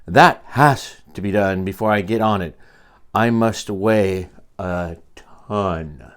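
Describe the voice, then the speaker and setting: A grandfather reading aloud, voicing a faithful, patient male elephant in a slow, low, plodding way. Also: clear, resonant tone. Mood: musing.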